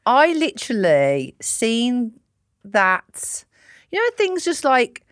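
A woman's voice: on the high side, huge pitch swings, slow, no room sound, clean studio sound. A woman comedian chatting as an interview guest, blunt and sweary with a self-mocking edge. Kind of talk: casual chat.

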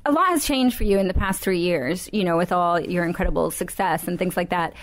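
A woman hosting a casual radio interview, playful and animated, laughing often. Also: lowish voice, fairly quick. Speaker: radio host.

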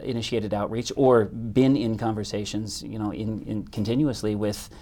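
A man's voice: lowish voice, fairly even intonation, warm tone. A man being interviewed as a hotel company executive, speaking with frequent restarts and repetitions. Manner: halting, many restarts. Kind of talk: business interview.

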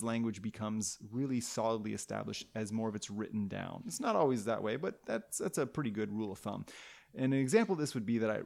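A man's voice: lowish voice, gravelly, darkish tone. A man hosting a podcast, telling a history story in casual chat, playful and rambling with restarts and tangents.

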